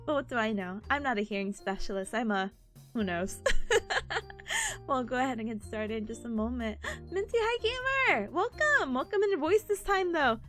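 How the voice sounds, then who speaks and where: Giggly, chatty woman with lively high voice. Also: normal speed, soft background music. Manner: animated, jumps into high-pitched impressions. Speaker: livestream host. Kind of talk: casual study-stream chat. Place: at home, seated.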